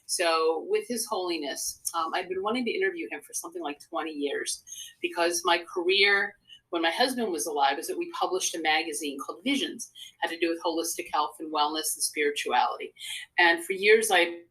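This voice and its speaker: A woman's voice: fairly low pitch, fairly quick, a bit bright, low-quality recording. An older woman, a psychotherapist and speaker, chatting earnestly as an interview guest, telling stories at length. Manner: earnest, rambling storyteller. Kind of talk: casual interview conversation.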